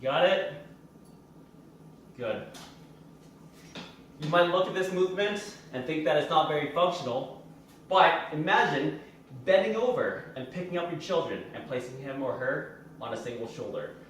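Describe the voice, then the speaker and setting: A man's voice: on the high side, expressive, moderate pace, pauses often, a little hiss or hum. A man as a fitness trainer, explaining each exercise step by step while he demonstrates it in a gym. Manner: instructive, explains while doing the moves. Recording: very echoey room heard from a distance.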